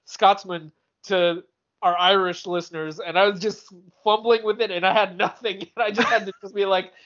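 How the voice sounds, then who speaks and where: Podcast co-host, man, high light voice, rambling and giggly, muffled lo-fi sound. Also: steady tone, fairly quick, a bit bright. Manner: rambling, laughs often, fumbles for words. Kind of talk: casual chat.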